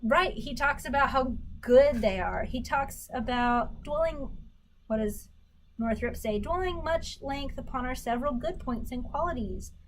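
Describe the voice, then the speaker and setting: A woman gives a recorded history lecture in a voice pitched a little high. She asks questions, answers them herself, and reads out passages from documents. A faint hum of room ambience runs under her voice. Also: expressive, a little slow, low-quality recording. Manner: reads quotations aloud. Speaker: history instructor.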